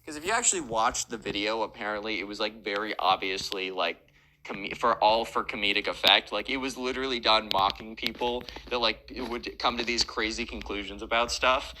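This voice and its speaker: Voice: medium pitch, a little fast, bright, forceful tone, slight background noise, rough recording. A storytime YouTuber telling a story in a rambling, self-correcting way. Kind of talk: storytime narration with ad reads.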